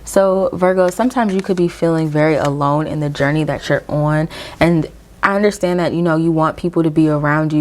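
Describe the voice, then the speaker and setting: Low-voiced woman giving a tarot reading. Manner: encouraging, addresses viewers directly with frequent "okay?"; reads aloud from a guidebook in slow measured phrases. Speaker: tarot reader. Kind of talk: casual tarot reading to camera.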